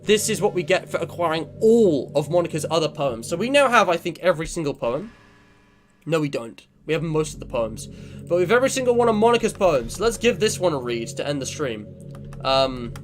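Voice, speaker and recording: Guy with a kinda high voice chatting through a game, thinking out loud, hushed then hyped, quiet music behind. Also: big pitch swings, a little fast. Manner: chatty, thinking aloud, swings between hushed and upbeat. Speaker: let's play host. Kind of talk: casual gameplay commentary.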